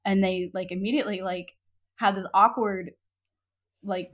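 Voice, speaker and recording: A woman's voice: medium pitch, normal speed. A woman, co-hosting a podcast and telling a story casually, full of "like" and "you know". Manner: animated, peppered with "like" and "you know". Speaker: podcast co-host.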